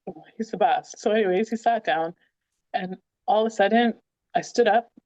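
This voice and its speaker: A woman's voice: mid-range voice, moderate pace, no room sound, dull audio. A woman on a podcast, telling a story in a chatty way, filling it with "like" and acting out what people said. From Canada. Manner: animated, says "like" a lot, acts out quotes. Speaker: guest. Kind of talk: casual storytelling.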